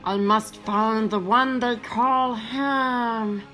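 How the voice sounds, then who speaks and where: A woman reading out the lines of a small alien figure from a mobile game, in a slow, grave and ceremonial way. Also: a little high, fairly even intonation, pushed and bright, faint music behind, exaggerated voice, poor audio. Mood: solemn. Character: small solemn alien, speaks like a prophet. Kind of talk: reading game dialogue aloud.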